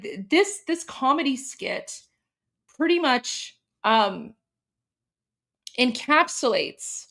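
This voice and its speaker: A woman hosting a livestream, talking quickly and casually as she introduces a clip. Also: a little high, fairly bright tone. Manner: quick, with frequent restarts and fillers. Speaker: livestream host.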